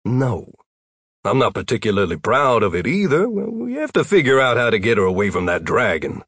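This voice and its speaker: A man's voice: mid-range voice, huge pitch swings, brisk, fairly bright tone, husky, no room sound, clean studio sound, full character voice. A man voicing a weary, put-upon adult male wizard who grumbles in a sardonic way. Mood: wry.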